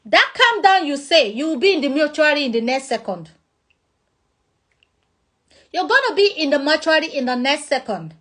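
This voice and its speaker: This woman speaks Nigerian English in a high-pitched, slightly bright voice with big pitch swings, at normal speed but pausing often. She gives a chatty, casual explanation in her vlog, dramatizing examples along the way.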